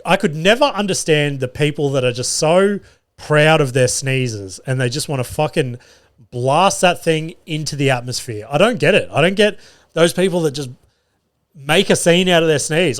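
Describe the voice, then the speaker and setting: A man's voice: fairly high pitch, animated, moderate pace. Australian male comic, solo podcast host, casual storyteller with a foul mouth and a self-deprecating streak. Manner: chatty, swears freely, self-mocking. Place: podcast studio.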